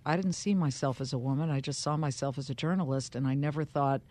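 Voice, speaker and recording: A woman interviewer who asks long, expressive questions and shares her own stories in conversation. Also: rumbling low, fast.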